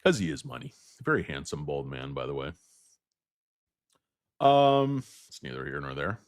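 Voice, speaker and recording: A middle-aged man with a low, deep voice rambles through a casual monologue and keeps drifting into crude tangents and silly impressions. His sound is dry and close, with no room around it. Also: sing-song, normal speed, creaky, no room sound. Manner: crude, joking, digressive, slips into mocking voices. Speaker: stock commentary host.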